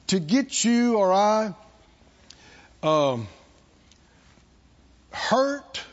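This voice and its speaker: A pastor with a high-sitting voice, recorded with the highs cut off, preaches a sermon to his church congregation. He leads call-and-response and stretches out repeated phrases for emphasis.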